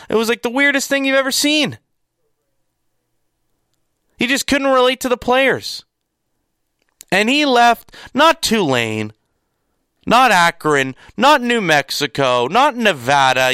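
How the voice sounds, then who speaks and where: Emphatic man with a bright, crisp voice. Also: fairly high pitch, dry recording, clean studio sound. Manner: emphatic, repeats words for emphasis, exasperated. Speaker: sports commentator. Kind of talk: opinionated sports recap.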